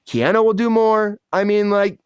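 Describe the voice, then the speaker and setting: A man's voice: sits high, moderate pace, smooth, no echo, lo-fi sound. A man hosting a live entertainment news chat, talking casually and putting questions to his co-hosts. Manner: conversational, asks questions, repeats himself. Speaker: host.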